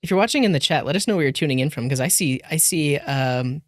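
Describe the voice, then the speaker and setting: A man's voice: on the high side, lively intonation, fast, dry recording, clean studio sound. A man on a podcast team, chatting casually and laughing easily. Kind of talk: casual chat.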